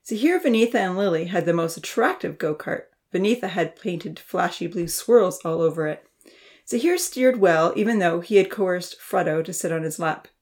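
A woman narrating a children's storybook in an expressive, lively reading voice. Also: fairly low pitch.

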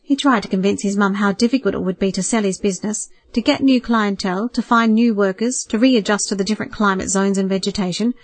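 A woman narrating a novel in a calm, measured storytelling voice, read close to the mic. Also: mid-range voice, dry recording. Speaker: audiobook narrator. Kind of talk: scripted narration.

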